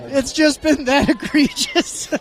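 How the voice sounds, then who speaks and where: Very high-voiced man, wry color commentator. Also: steady tone, unhurried. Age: 30s. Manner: joking, wry asides. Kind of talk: live football commentary. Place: stadium press box.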